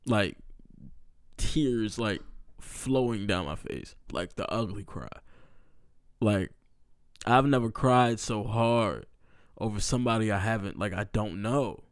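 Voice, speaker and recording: A man's voice: fairly low pitch, slow pace, long pauses, dry recording, studio quality. A man in his twenties telling a personal story in a casual, rambling way, full of slang and fillers, earnest and emotional. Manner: earnest, emotional recounting with restarts.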